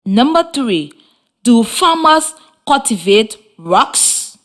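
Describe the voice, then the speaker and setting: Woman radio teacher, children's reading lesson, slow careful pace, lively rise and fall. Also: fairly high pitch. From Liberia. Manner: slow, encouraging, clear instructions.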